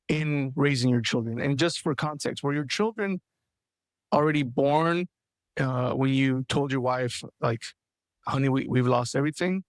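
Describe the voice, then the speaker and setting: A man's voice: medium pitch, no room sound. A man hosting an interview podcast, asking thoughtful questions and affirming his guest. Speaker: podcast host.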